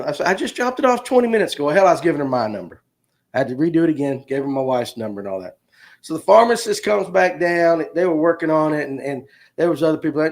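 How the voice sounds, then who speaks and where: Guy in his 50s hosting a stream, raspy fry in the voice, rambling jokey story to the viewers. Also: on the high side. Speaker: podcast host. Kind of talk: casual storytelling on a livestream.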